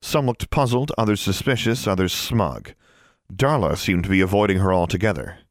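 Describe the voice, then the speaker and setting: A man narrating a novel as an audiobook in steady storytelling. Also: low voice, moderate pace, dry recording, clean studio sound. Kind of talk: scripted narration.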